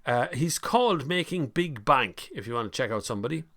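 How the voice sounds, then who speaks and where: A man's voice: medium pitch, animated, a little fast, a bit bright, no echo, clean studio sound. A middle-aged Irish man hosting a casual live stream, rambling and greeting viewers by name. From Ireland. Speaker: livestream host.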